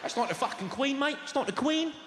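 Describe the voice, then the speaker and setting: A Glaswegian man from Scotland performs brash, sweary stand-up in a large venue, bantering with the audience. His voice is very high, expressive and fast. Background noise fills the echoey hall, along with loud crowd laughter.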